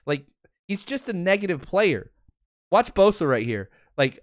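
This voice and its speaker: A man hosting a podcast, talking excitedly through game film and addressing his viewers. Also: high-pitched, normal speed, dry recording, studio quality. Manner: excitable, swears, talks to viewers. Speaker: podcast host. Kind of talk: film breakdown commentary.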